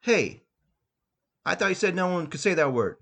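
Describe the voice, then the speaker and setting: A man's voice: sits high, very animated, moderate pace, vocal fry, fairly bright tone, pitched above the performer's own voice, full character voice. A man voicing a sarcastic teenage son who keeps talking back to his father, in a raised, whiny voice.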